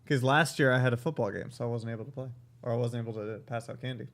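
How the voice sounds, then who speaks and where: A man's voice: medium pitch, fairly even intonation, fast talker, a bit bright. A man co-hosting a casual chat, talking through a cold with a stuffy, nasal voice and a joking, rambling manner. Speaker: podcast co-host.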